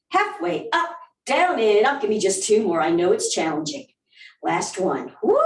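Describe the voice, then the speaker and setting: A woman with a Southern US accent leading a barre workout, coaching upbeat with whoops and counts. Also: a little high. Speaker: barre fitness instructor. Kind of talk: live workout instruction. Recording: roomy, from a distance.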